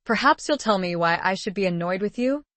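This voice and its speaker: A woman's voice: medium pitch, animated, brisk, a bit bright, dry recording, natural voice. A woman doing a suave mocking pirate captain. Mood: teasing. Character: teasing aristocratic male pirate captain.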